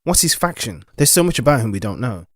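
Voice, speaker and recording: A man's voice: medium pitch, big pitch swings, fast talker, breathy edge, no room sound. Skeptical man in a dry studio sound. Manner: skeptical, earnest questioning. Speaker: player. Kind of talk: in-character tabletop play.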